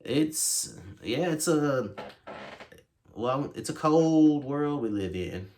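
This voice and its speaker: A man hosting his own podcast, delivering a casual solo rant that is animated and exasperated, with big jumps in pitch. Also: slow, slight background noise. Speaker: podcast host.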